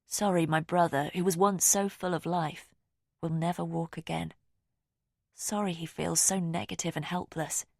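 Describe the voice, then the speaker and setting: A woman reading a thriller audiobook in calm, measured first-person narration. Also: fairly low pitch, vocal fry, no room sound, clean studio sound.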